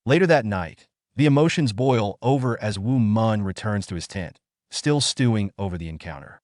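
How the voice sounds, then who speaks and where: A man narrating a comic story recap in a steady, scripted storytelling manner. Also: fairly low pitch, normal speed, no echo, clean studio sound.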